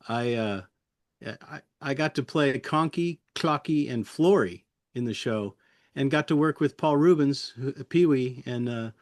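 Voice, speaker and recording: Middle-aged man, puppeteer guest, chuckly, halting, dry close sound. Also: mid-range voice, no echo. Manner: friendly, chuckling, halting with fillers. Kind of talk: interview reminiscing.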